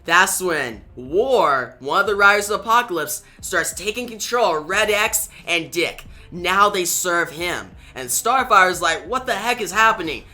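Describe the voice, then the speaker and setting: A man's voice: high voice, animated, a little slow, hardly any pauses, pushed and bright, faint music behind. A man retelling a comic book issue in a loose, casual way, starting most lines with "now". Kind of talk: casual comic recap narration.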